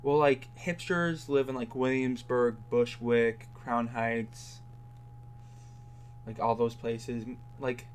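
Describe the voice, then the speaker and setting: A man's voice: mid-range voice, steady tone, takes it slowly, slight background noise. Young man in his 20s, podcast co-host, sardonic, chatty, rambling. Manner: sardonic, rambling, heavy use of "like". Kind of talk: casual chat.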